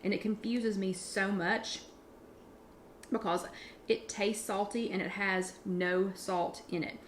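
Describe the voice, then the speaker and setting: A woman's voice: mid-range voice, fairly even intonation, takes it slowly, slight background noise. A woman hosting a casual live cooking chat from her home kitchen, talking in a chatty, rambling way and restarting her sentences. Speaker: online workshop host.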